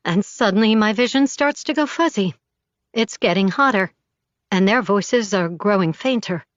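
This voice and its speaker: A woman narrating a first-person audiobook in an intimate, steady storytelling voice, on a slightly dull recording. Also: medium pitch, moderate pace, dry recording.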